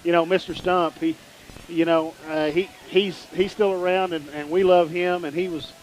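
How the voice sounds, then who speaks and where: A man's voice: high voice, flat delivery, normal speed, poor audio. A middle-aged man hosting a local sports broadcast, talking in an easygoing, reminiscing way. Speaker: radio sports host. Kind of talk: casual chat. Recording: faint background noise.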